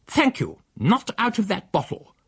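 A man voicing a stern, pale, skinny woman who scolds a gravedigger in a shrill, indignant tone while reading a story aloud. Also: huge pitch swings, a little slow, vocal fry, slightly rough, exaggerated voice. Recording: dry close recording.

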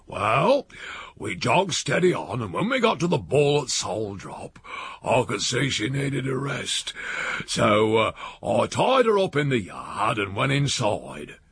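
Storybook old countryman, gravelly drawl, unhurried and sly, as a male reader puts him on. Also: mid-range voice, very animated, fairly bright tone, heavily acted. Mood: rambling. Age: older. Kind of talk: audiobook reading.

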